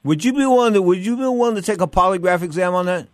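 A man hosting a sports talk radio show, excitable and rambling, telling stories full of asides. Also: high-pitched, fast talker, no room sound, clean studio sound.

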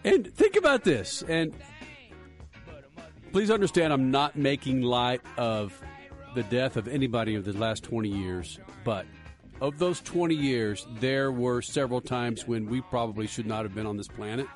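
A man's voice: medium pitch, expressive, moderate pace, faint music behind. A man co-hosting a radio show, rambling through stories in casual on-air chat and laughing often.

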